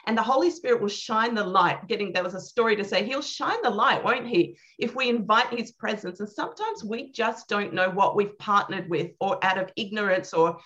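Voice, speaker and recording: A woman tells a prayer-ministry testimony as an animated, earnest storyteller in a mid-range voice. She acts out the lines she quotes. The recording sounds slightly dull and muffled. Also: mid-range voice, moderate pace, few pauses. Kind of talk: telling a personal ministry testimony.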